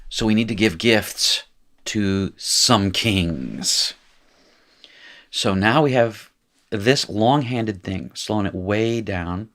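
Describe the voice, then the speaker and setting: A male teacher with a somewhat low voice runs a live language lesson at his desk. He talks in a chatty, joking way and catches and fixes his own slips as he goes. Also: unhurried, fairly bright tone. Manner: chatty, jokey, self-correcting.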